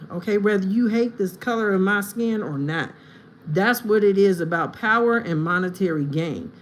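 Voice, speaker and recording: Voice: medium pitch, moderate pace, slight background noise, poor audio. A livestreamer from the United States talks to viewers in chat in a long, rambling monologue that turns heated and confrontational.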